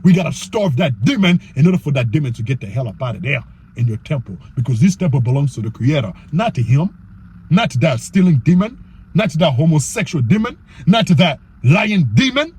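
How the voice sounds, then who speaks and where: A man giving an emphatic, preachy motivational talk to his viewers about self-control, reading scripture slowly and often asking "you know what I'm saying?". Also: a little high, sing-song, a little mellow, a little hiss or hum. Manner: reads scripture aloud slowly in old-style wording. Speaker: YouTuber giving faith-based self-control advice.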